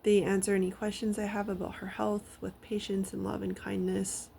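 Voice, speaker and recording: A woman with a strongly gravelly, creaky voice tells a relaxed personal story, full of fillers, now and then sinking into a whisper. Her pitch sits in the middle range. A faint hiss of noise stays under the recording. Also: moderate pace. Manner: rambling, frequent fillers, drops into soft whispers. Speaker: vlogger. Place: at home with her dog.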